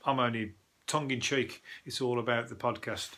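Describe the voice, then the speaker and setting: Sweary Brummie comedian with a bright voice. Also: male voice, mid-range voice, steady tone, normal speed, slight background noise. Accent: Birmingham. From Birmingham, England. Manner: blunt, rambling, heavy swearing. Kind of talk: sweary comic news review.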